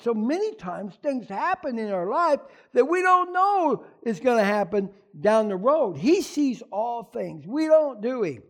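A man preaching a sermon as pastor, animated, often asking the congregation questions. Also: very high-pitched, moderate pace, creaky, few pauses.

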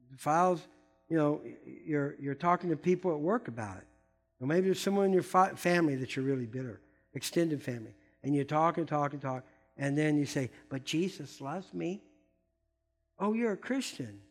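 An older man preaching a sermon, emphatic and repeating key words, swinging between loud stresses and hushed asides. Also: fairly high pitch, expressive, a little fast. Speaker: pastor.

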